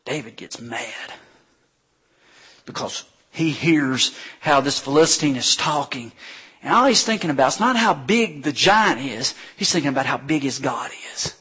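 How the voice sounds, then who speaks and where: A man preaching a sermon as a pastor, retelling scripture stories with animated delivery and acted-out voices of crowds. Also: medium pitch, measured pace, slightly rough. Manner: animated storytelling preacher, acting out crowds with shouts.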